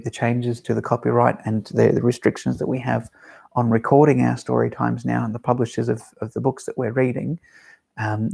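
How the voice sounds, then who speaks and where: A man working as a children's librarian, gently reading picture books aloud on a live-streamed storytime. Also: medium pitch, gravelly. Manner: gentle, unhurried, talking to small children.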